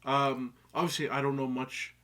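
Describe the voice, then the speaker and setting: Easygoing, hesitant mid-pitched man. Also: level tone, normal speed, a bit bright. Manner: easygoing, hesitant, lots of fillers and restarts. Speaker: music reaction co-host. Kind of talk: casual chat.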